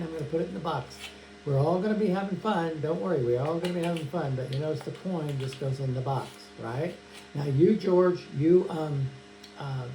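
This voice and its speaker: A man's voice: on the high side, warm tone. A man casually teaching a magic trick, chatting and addressing an imagined audience of kids. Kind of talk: casual tutorial demonstration. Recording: echoey room with mains hum.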